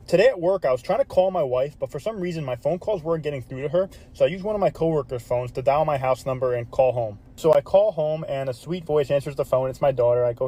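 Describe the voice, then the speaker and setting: A man telling crude jokes as first-person stories, building brisk deadpan setups toward punchlines and swearing along the way. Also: on the high side. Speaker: joke storyteller.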